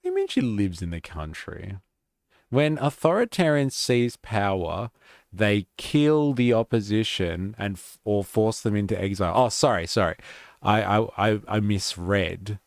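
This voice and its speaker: A deep-voiced man with a rough, gravelly edge hosts a live stream. He reads a statement aloud and keeps interrupting it with sarcastic, mocking remarks. The sound is dry, with no room echo. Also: big pitch swings, moderate pace. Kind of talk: reading aloud with sarcastic commentary.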